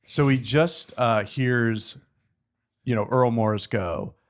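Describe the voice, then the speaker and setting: A man's voice: mid-range voice, takes it slowly. A man guesting on a podcast, telling casual stories and acting out the people in them. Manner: animated, acts out quoted people. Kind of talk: casual storytelling chat.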